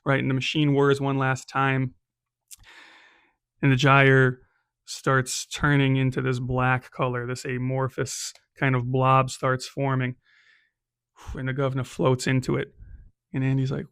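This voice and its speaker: A man's voice: medium pitch, little pitch movement, normal speed, a bit bright, no room sound, studio quality. A man narrating a solo tabletop game as game master, casual and chatty, peppering his telling with "right?" and "um".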